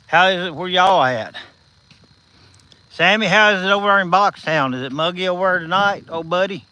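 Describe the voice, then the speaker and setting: A man's voice: high-pitched, normal speed, pushed and bright, smooth, dry recording, low-quality recording. A Southern-accented man, a little out of breath and slightly slurring without his top teeth, chatting folksily to his live-stream viewers while walking outdoors at night. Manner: folksy, encouraging, talks to viewers by name. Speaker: livestream host. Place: outdoors at night, insects behind.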